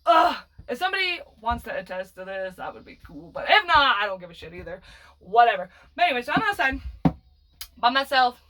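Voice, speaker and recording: A woman with a high voice tells a personal story to her viewers in a loose, dramatic vlog style. She rambles, swears freely, and laughs her way through the telling. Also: very animated, fairly quick, noisy background. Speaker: vlogger.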